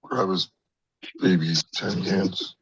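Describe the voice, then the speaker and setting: A very deep, gravelly male voice comes in slowly with dry, absurd one-liners on a comedy podcast. He sounds a little muffled, as if on a lo-fi mic. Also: fairly even intonation, fairly bright tone. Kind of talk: improvised comedy banter.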